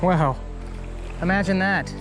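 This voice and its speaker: Excitable swearing young man outdoors. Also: high voice, slow pace, over music. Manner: excitable, swears often, laughs a lot. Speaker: fishing vlogger. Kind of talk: casual outdoor vlog chat. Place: outdoors by a creek.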